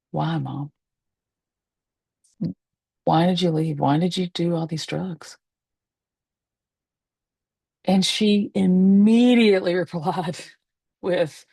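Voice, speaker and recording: Gravelly, husky woman telling her story. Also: low-pitched, steady tone, no room sound. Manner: candid and emotional, with pauses and soft laughs. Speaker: medium and spiritualist. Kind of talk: personal storytelling to camera. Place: at home, seated in a rocking chair.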